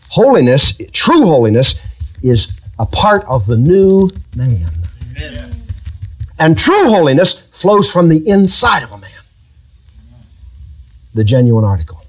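A pastor preaching a sermon, asking the congregation rhetorical questions. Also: male voice, mid-range voice, very animated, slow pace, long pauses, breathy edge.

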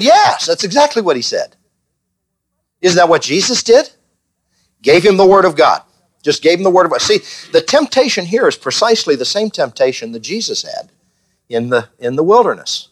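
A man leading a Bible study class, putting questions to the group and acting out the lines he quotes. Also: on the high side. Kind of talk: teaching a small class.

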